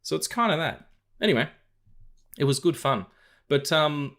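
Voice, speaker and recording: A man with a voice on the high side and a bit bright co-hosts a podcast, discussing film news at normal speed with long pauses. His casual talk wanders through fillers, restarts and tangents.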